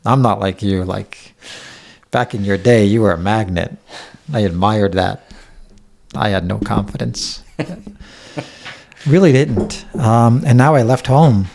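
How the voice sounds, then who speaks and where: A man's voice: fairly low pitch, measured pace, vocal fry, pauses often, darkish tone, a little hiss or hum. A man from Staten Island, talking bluntly and candidly as a guest in a casual interview, with frequent swearing. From Staten Island, New York. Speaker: podcast guest.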